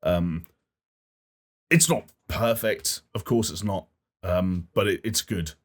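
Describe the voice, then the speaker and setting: A man's voice: low-pitched, slow. A man co-hosting a casual podcast chat about games, talking in hesitant bursts full of fillers and restarts. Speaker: podcast co-host.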